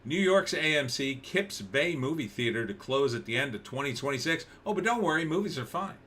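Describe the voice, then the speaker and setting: A man's voice: a little high, animated, fairly quick, pushed and bright, slight background noise. A man hosting a casual livestream, commenting on news with sarcasm and rambling restarts. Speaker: livestream host.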